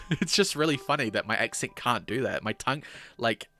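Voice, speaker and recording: A man's voice: medium pitch, sing-song, normal speed, pushed and bright, faint music behind. A man in his twenties with a New Zealand accent, chatting casually on a game stream, rambling and swearing often. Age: 20s.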